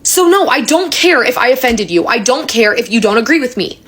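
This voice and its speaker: A woman's voice: fairly high pitch, lively intonation, a little fast, fairly bright tone, husky. Fiery young woman ranting to camera. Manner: fiery and emphatic, swears freely. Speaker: social media creator. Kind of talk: angry direct-to-camera rant.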